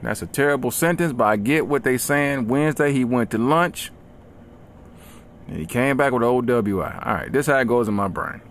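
A man hosting a comedy podcast, telling stories in an animated, slangy, mock-aggressive rant. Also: medium pitch, creaky, slight background noise. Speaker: podcast host.

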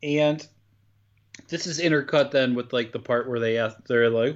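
A man casually recapping a horror film for a podcast, telling it in a lively, joking way and swearing freely. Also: normal speed, lo-fi sound. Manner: animated storytelling with sudden pitch jumps, swears freely. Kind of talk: casual chat.

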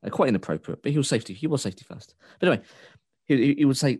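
A man's voice: mid-range voice, lively intonation, rapid-fire, a little mellow, slightly rough, dry recording, clean studio sound. A man co-hosting a casual chat, ranting and swearing as he rambles with many restarts. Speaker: podcast co-host.

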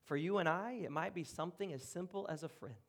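A man preaching from the front of a church room, his voice pitched a touch high. He speaks earnestly, slowing for pauses and dropping to near-hush on key points. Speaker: pastor. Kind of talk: sermon.

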